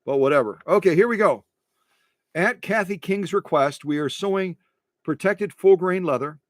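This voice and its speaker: Guy in his workshop rambling through a sewing demo, kinda high voice, bouncy mock rants. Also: normal speed, dry recording, studio quality. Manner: animated, repeats phrases, mock rants. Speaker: sewing machine restorer. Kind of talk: casual workshop commentary.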